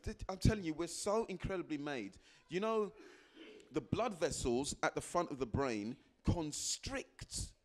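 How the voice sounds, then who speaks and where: A man giving a motivational talk to a live audience, repeating phrases for emphasis and acting out little exchanges with sudden jumps into a high voice. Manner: animated, acts out little dialogues with sudden high jumps in pitch. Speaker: guest speaker.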